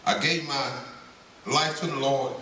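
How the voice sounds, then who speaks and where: A man's voice: mid-range voice, measured pace, bright, forceful tone. A man tells his testimony to a banquet crowd with earnest, story-driven delivery. His voice echoes heavily around a large hall and sounds distant from the microphone. A faint hiss sits under the recording. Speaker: banquet speaker. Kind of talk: testimony speech.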